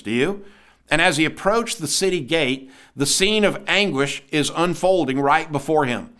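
A man's voice: a little high, fairly bright tone. A man giving a devotional podcast sermon, earnest, asking listeners questions and building to emphatic peaks. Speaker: podcast preacher.

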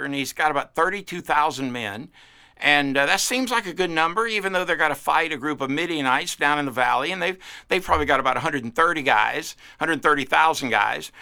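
A man's voice: on the high side, vocal fry, pushed and bright. A man in his fifties preaching a casual, folksy sermon, telling stories with playful character voices. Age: 50s. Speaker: pastor.

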